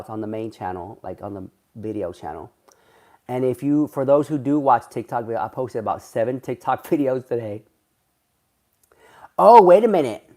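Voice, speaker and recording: A man chatting casually on a livestream, rambling in a gossipy way and answering viewers' comments. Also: mid-range voice. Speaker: livestreamer reading chat.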